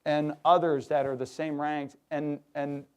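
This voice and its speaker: A middle-aged man giving a lively workshop talk to an audience, acting out quoted voices. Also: on the high side, a little slow, smooth. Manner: animated, acts out quoted voices. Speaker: workshop speaker. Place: hotel conference room.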